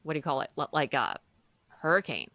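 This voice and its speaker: Bright, emphatic podcast host. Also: mid-range voice, wildly swooping pitch, fairly quick, no room sound. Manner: emphatic, conversational. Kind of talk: casual podcast conversation.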